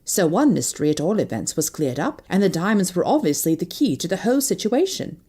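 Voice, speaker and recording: A woman narrating a novel in the first person, expressive and lively as she reads. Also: fairly low pitch, a little fast, husky. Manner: expressive, lively character voicing. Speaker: audiobook narrator.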